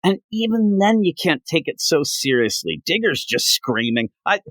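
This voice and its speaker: Animated man recapping comics. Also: on the high side, moderate pace, no room sound. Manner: animated, acts out quotes in funny voices. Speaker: comic book reviewer. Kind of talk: casual review chat.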